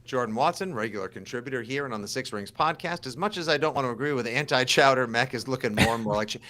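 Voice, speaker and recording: Man, Boston accent, casual sports chat, animated, sarcastic, bright. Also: mid-range voice, fast. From South Shore of Boston. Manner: animated, sarcastic, theatrical outbursts. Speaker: podcast co-host.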